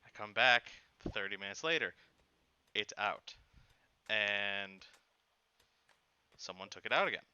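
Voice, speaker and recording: Young male host, casual storyteller, bright crisp voice, dry slightly dull mic. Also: on the low side, measured pace, pauses often, no room sound. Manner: rambling, animated, exasperated retelling with many fillers. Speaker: gaming channel host telling a personal story.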